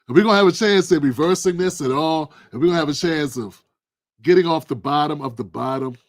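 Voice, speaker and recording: A man hosting his own political commentary livestream, talking in an animated, preachy, colloquial way. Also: on the high side, brisk, no echo, studio quality. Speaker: livestream host.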